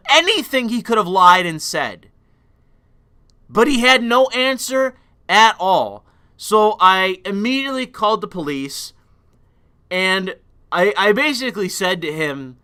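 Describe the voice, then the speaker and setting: Give me a young man on a casual stream, telling a story with loud, profane energy. His voice sits high and sounds very bright and clear. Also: big pitch swings, slow, long pauses.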